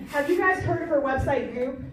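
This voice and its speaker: A woman's voice: high voice, a little fast, slight background noise. A young woman doing a brash, crude stand-up comedy set, chatting with the crowd and mocking herself. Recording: distant mic in a very echoey room.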